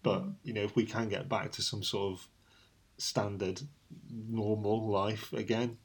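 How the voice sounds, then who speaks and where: A middle-aged man with a husky, slightly low voice chats loosely as a podcast co-host. He laughs often and lets his sentences drop into quiet asides. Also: little pitch movement, unhurried. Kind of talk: casual chat.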